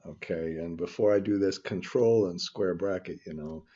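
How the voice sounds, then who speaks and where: A man's voice: sits low, moderate pace, mellow. An older man teaching a spreadsheet finance lesson, rambling with grumbling asides and frequent restarts. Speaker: finance instructor. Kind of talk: screen-recorded spreadsheet tutorial. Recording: dull lo-fi recording.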